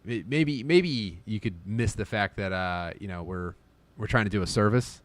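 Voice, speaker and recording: A man co-hosting a podcast, chatting casually with wry, deadpan jokes. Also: on the low side, moderate pace, dry recording. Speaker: podcast co-host.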